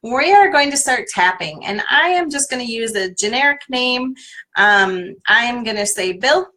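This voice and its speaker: A woman's voice: a little high, lively intonation, normal speed, pushed and bright, poor audio. A woman coach guiding listeners through a tapping exercise on a live stream, repeating a name again and again for them to follow.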